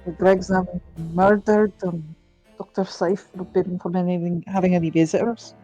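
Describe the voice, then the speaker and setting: Woman doing a scottish prison boss voice, sly, wry, kinda mellow, game music faint behind. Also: lowish voice, fairly even intonation, normal speed, muffled recording, natural voice. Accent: put-on Scottish. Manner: dialect-heavy, wry reading of game lines. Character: gruff Scottish male prison governor, sly. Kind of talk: reading game dialogue aloud.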